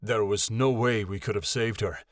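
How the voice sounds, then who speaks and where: A man voicing a loyal young man who speaks in a soft, comforting way in an audiobook. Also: fairly low pitch, steady tone, normal speed, dry recording, clean studio sound, close to an everyday voice. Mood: gentle.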